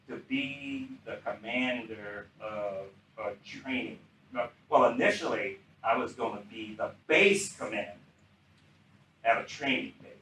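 A man's voice: on the low side, distant mic, slight background noise. Older man telling stories in an echoey room. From South Carolina. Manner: animated storyteller acting out quoted dialogue. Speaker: retired general giving a talk. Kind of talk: anecdotal storytelling talk. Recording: echoey room, speaker off mic.

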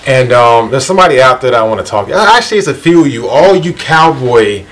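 A man's voice: medium pitch, sing-song, fast talker, fairly bright tone. A man vlogger chatting casually and teasing rival sports fans in a laid-back, playful way. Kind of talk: casual chat.

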